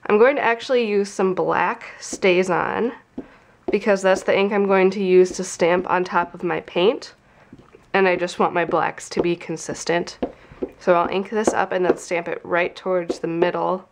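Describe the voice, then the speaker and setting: A woman's voice: lowish voice, fairly even intonation, unhurried, creaky, slight background noise. A young woman with a stuffy, nasal voice from a cold, chatting casually as she explains a craft tutorial step by step. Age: young adult. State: congested from a cold. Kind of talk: casual how-to narration.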